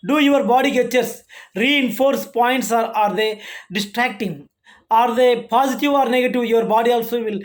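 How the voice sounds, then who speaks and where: Lecturer, mid-pitched voice, reads out each point and then re-explains it with halting restarts. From India. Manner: reads points aloud then rephrases them, with frequent restarts. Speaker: college lecturer. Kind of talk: classroom lecture.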